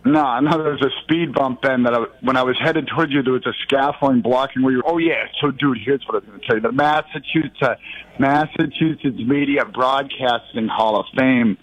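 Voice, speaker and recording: Male radio regular, mid-pitched, rambling, easily riled, dull lo-fi sound. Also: a little fast. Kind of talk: casual radio banter. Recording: dull lo-fi audio.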